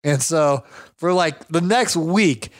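A man hosting a podcast, giving business advice in a chatty, energetic way with frequent chuckles and storytelling asides. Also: a little high, takes it slowly, no echo, studio quality. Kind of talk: casual motivational talk with anecdotes.

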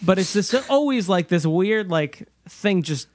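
A man's voice: sits high, lively intonation, unhurried. A man co-hosting a podcast, chatting casually about a movie, rambling and laughing often. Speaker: podcast co-host.

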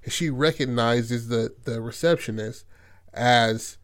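Man, podcast host, casual film recap, profane, filler-heavy, mid-pitched. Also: a little slow, a bit bright. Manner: loose and profane, full of "like" and "you know what I mean". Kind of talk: casual retelling of a film plot.

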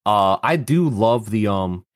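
A man talking in a relaxed, casual way, with a voice that rises and falls widely when he acts out quotes. The recording is dry and close. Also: on the low side, slow, no echo. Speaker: podcast co-host. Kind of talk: casual chat.

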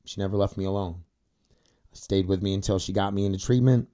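A young podcaster talks candidly in a confessional vlog, facing a camera on an indoor studio set. He rambles, swears, uses many fillers, and is tearful at times, speaking in a lowish, darkish voice with fairly even intonation at a moderate pace.

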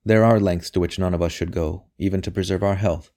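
A man voicing a weary captive queen who speaks softly and calmly with quiet dignity. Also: low voice, brisk, natural voice. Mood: cool. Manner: soft, quiet and unruffled.

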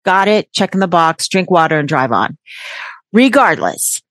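A woman's voice: on the low side, very animated, moderate pace, a bit bright, no echo. A woman hosting a podcast in casual chat, brash and jokey, swearing freely with sarcastic asides. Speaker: podcast host.

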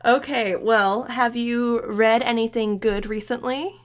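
A woman's voice: on the high side, unhurried. A woman hosting a podcast, chatting casually and animatedly about books. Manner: animated, laughs often. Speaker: podcast host.

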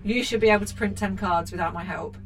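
A woman's voice: mid-range voice, quick pace, slight background noise. A young woman co-hosting a podcast, telling a rant-filled story with lots of swearing and animation. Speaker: podcast co-host. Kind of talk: casual chat.

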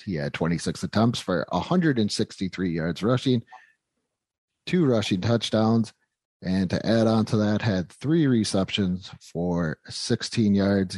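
A man's voice: fairly low pitch, a little mellow, no room sound. A man co-hosting a casual sports podcast, wry and self-mocking as he reads out his team's stats. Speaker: podcast co-host.

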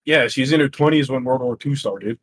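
A man's voice: medium pitch, brisk, husky. A young man from Hawaii co-hosting a casual podcast, laid-back, swearing and hedging with "like" and "I don't know". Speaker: podcast co-host.

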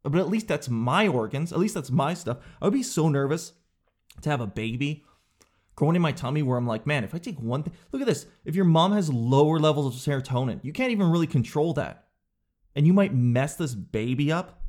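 A young man with a slightly high voice riffs loosely on his podcast. He rambles from one thought to the next in a playful comedic style and now and then jumps into an exaggerated impression. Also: lively intonation, brisk, darkish tone. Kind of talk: casual comedic podcast riffing.

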